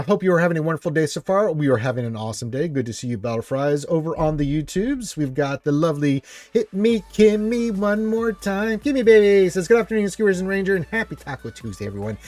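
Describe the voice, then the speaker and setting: A man hosts a laid-back gaming live stream, his voice pitched a little above the usual for a man. He chats loosely and reads viewers' greetings aloud. Quiet music runs faintly behind him. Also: a little fast. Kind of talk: casual live stream chat.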